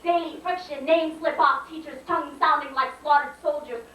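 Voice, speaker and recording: A woman's voice: high-pitched, fairly even intonation, normal speed, bright, forceful tone, far from the mic. A woman performing spoken word poetry live, in a rhythmic, insistent, declamatory way. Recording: echoey room, voice from afar.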